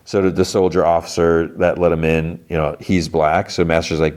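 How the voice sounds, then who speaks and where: A podcast host casually recaps a TV episode, retelling scenes and acting out lines of dialogue. His voice is low and darkish, with little pitch movement, and he speaks at a normal speed.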